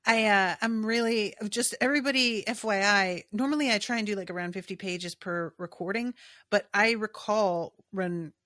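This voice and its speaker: A woman podcast host in loose, candid book chat, swearing freely and talking plainly. Her voice sits at a middling pitch and is recorded dry and close, with no room sound. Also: normal speed, fairly bright tone, no room sound. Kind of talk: casual book discussion chat.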